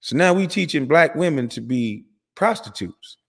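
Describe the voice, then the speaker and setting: A man's voice: expressive, vocal fry, a bit bright, breathy edge, big-room sound. A man delivering an angry, profane commentary rant as host of his channel. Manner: heated, profane, rapid swings in pitch and volume.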